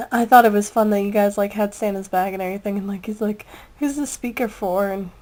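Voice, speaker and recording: A woman's voice: mid-range voice, level tone, normal speed, darkish tone, poor audio. A young woman in casual chat, reviewing a video with a giggly, rambling, gushing manner.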